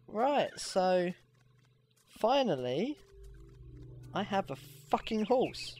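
A gamer giving casual, excitable gameplay commentary, swearing freely and squealing when things go well. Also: mid-range voice, measured pace, pauses often, soft background music. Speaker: let's play gamer.

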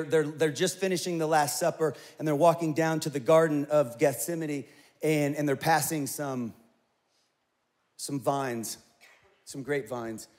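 A man in his forties, a pastor telling a story in a sermon, acting out the voices of the people in it. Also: a little high. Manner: animated storyteller, acts out voices.

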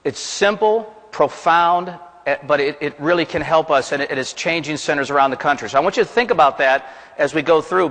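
A man's voice: on the high side, fairly bright tone. A man from the American South gives a plain-spoken, folksy seminar presentation to a conference audience, asking the room questions as he goes. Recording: reverberant conference hall.

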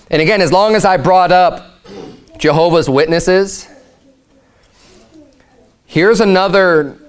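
A male pastor preaching a conversational sermon, emphatic and explanatory, slowing down to read scripture. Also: on the high side.

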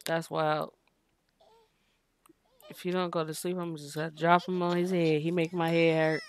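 A woman's voice: on the low side, unhurried, long pauses. A woman hosting a gaming channel, giving casual, chatty, slangy commentary on a life-sim game at a desk mic. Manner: chatty, slangy, breaks into sing-song.

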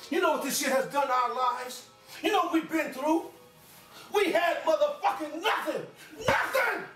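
An actor playing a recovered addict who now counsels others, warm and chatty at times, explosive and profane at others, heard in a roomy film mix over a music score. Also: male voice, mid-range voice, brisk, far from the mic, close to an everyday voice. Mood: furious, shouting. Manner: steady and warm-hearted, fills talk with "you know"; explosive profane yelling when angry. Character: recovered addict husband, counselor running a group home. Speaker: counselor and husband. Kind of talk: film acting.

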